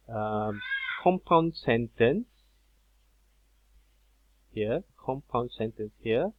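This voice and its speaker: A man teaching a grammar lesson, explaining slowly and repeating himself with many fillers. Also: mid-range voice, dry recording. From Malaysia. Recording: dull, dry lo-fi recording.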